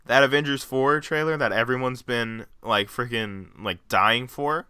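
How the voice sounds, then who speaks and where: A man's voice: medium pitch, measured pace, sharp tone, clean tone, no echo, studio quality. A man in his twenties co-hosting a podcast in casual chat, joking and rambling with frequent laughs. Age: 20s. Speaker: podcast co-host.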